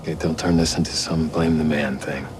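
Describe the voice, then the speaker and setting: A man's voice: extremely low pitch, little pitch movement, a little fast, background noise. An actor playing a volatile, abusive grown man who is losing control, in a snarling, threatening manner. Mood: defensive.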